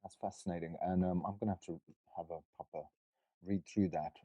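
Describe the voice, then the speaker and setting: A man's voice: deep voice, fairly even intonation, a little fast, dark tone, no room sound. A man with a Cockney accent co-hosting a panel discussion, talking casually with many fillers and restarts. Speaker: discussion co-host.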